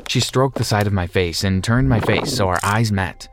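A man narrating a scripted story in a steady, measured reading voice. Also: lowish voice, background noise. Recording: music behind.

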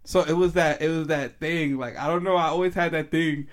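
A man's voice: fairly high pitch, fairly quick. A man telling a story in casual chat, using heavy slang and acting out quotes. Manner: animated street slang, acts out quotes.

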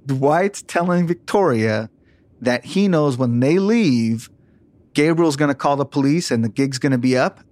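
A man telling a police story for a podcast, slipping into voices for the people involved. His delivery is lively and casual. The recording is close and dry, with no room sound. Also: medium pitch, a little slow, dry recording. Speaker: former police detective recounting a case.

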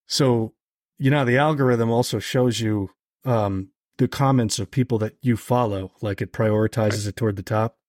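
A man chats as a podcast guest and spins a long, animated anecdote, with plenty of "like" fillers. His voice sits at a middle pitch. The close mic sounds dry, with no room around it. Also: moderate pace, dry recording. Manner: animated, heavy on "like" fillers, jumps higher when quoting others. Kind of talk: casual storytelling chat.

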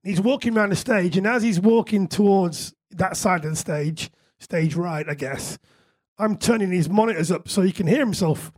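A man's voice: high voice, normal speed, a little mellow. A man, a musician guest at a live on-stage Q&A, telling chatty anecdotes with frequent laughter and casual swearing. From England.

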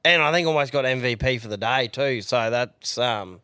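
A man's voice: mid-range voice, moderate pace, pushed and bright, clear, resonant tone, no room sound. An Australian man co-hosting a podcast in a laid-back, self-deprecating way. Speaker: podcast co-host. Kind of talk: casual chat.

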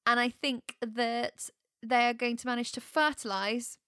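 A woman's voice: a little high, steady tone, a little slow, sharp tone, clear, resonant tone, dry recording, studio quality. A woman, chatting casually and giggling as she talks through her IVF treatment. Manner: chatty, giggly, breaks into song. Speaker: vlogger going through IVF. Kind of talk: casual chat.

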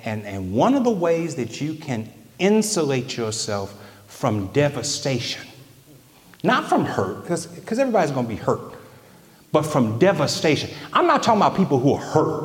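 A man preaching a sermon, swinging between loud high cries and low murmurs. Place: church sanctuary. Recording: echoey hall, long reverb.

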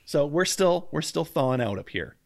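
Man, gravelly voice, casual podcast co-host, jokey storytelling, dry close sound. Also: a little high, very animated, normal speed, darkish tone, no echo. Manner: chatty, jokey, stumbles over names. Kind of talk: casual true-crime podcast chat. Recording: dry close mic at home, faint outdoor hum.

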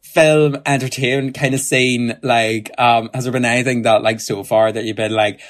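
A man's voice: mid-range voice, fairly even intonation, moderate pace. A man hosting a casual podcast, asking questions and laughing often. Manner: laughing, chatty interviewer. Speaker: podcast host.

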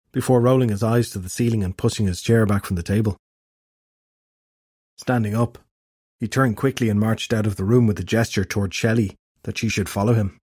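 Husky low-voiced male narrator. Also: steady tone, fairly quick, dark tone, dry recording, studio quality. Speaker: audiobook narrator. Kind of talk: scripted fantasy narration.

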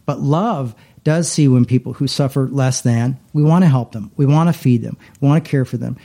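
A middle-aged pastor chats casually at a moderate pace, his medium-pitched voice creaky and dark. He rambles, often starting over and repeating himself.

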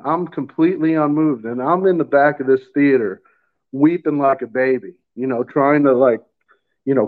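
A middle-aged man tells a personal story in an unhurried, halting way. He repeats words and sounds close to tears. The sound is thin and tinny, like a phone line. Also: mid-range voice. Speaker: guest telling his faith story. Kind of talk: casual storytelling.

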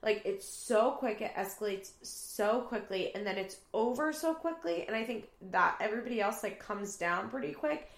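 A woman's voice: medium pitch, moderate pace, hardly any pauses, roomy sound. A woman recapping a reality TV episode in casual chat, acting out quoted lines as she goes. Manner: animated retelling, acts out quoted lines with raised voice.

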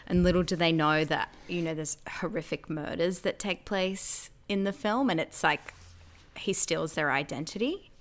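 A young woman co-hosting a chatty podcast, quick to tease and laugh. Her voice sits fairly low for a woman, with a loose, conversational delivery. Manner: playful teasing, laughs often. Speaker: podcast co-host. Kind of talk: casual chat.

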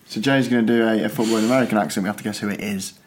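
A man co-hosting a casual podcast with quick, sweary banter. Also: fairly low pitch, fairly even intonation, poor audio. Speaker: podcast co-host. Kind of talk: casual chat.

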